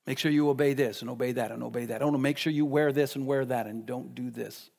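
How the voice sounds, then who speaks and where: A man voicing stern, legalistic religious leaders in a low, dismissive mutter while preaching. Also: fairly even intonation, quick pace, gravelly, darkish tone. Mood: scornful, dismissive.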